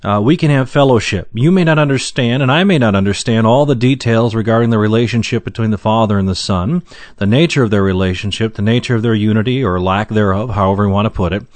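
A man teaching the Bible verse by verse in a measured, earnest way, with frequent fillers and slow emphasis on quoted verses. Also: lowish voice, no echo.

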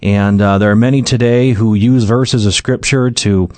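A man's voice: fairly low pitch, fairly even intonation, normal speed, a little mellow, dry recording. A middle-aged man preaching a sermon, working through Bible verses in an earnest, conversational way with many fillers and restarts.

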